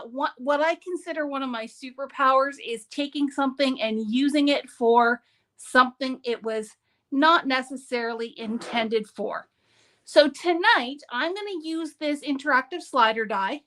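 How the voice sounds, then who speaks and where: Chatty high-voiced craft demonstrator woman. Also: a bit bright. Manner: chatty, upbeat, self-interrupting. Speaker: papercraft demonstrator.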